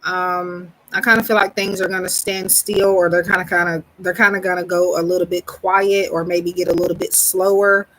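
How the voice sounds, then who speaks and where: A woman reading tarot cards on a live stream, talking in a relaxed, rambling way with frequent ums and pausing to greet viewers. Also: lowish voice, low-quality recording. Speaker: tarot reader.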